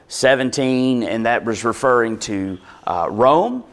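A man preaching a sermon in a church, reading scripture and adding relaxed, conversational asides. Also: mid-range voice, unhurried, hardly any pauses. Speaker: pastor.

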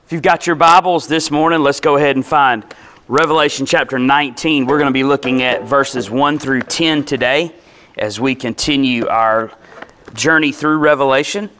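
A man preaching a sermon in a church, reading scripture and adding relaxed, conversational asides. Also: medium pitch, normal speed, soft background music. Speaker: pastor.

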